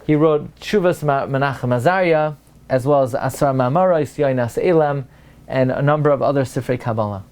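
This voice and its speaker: A man, a rabbi, giving a Torah lecture, asking rhetorical questions and rising to an excited high pitch to make a point. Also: fairly quick, smooth. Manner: peppers English with Hebrew and Aramaic terms, asks rhetorical questions.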